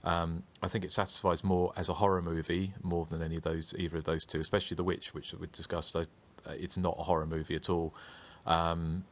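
Man, very low voice, halting, chatty film podcast co-host over a call. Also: level tone, a bit bright. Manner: rambling, full of hesitations. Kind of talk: casual film discussion. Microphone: remote call.

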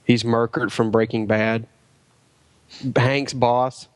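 A man's voice: medium pitch, level tone, slow, clear, resonant tone, no echo. A man co-hosting a casual podcast chat, making dry, wry remarks. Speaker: podcast co-host.

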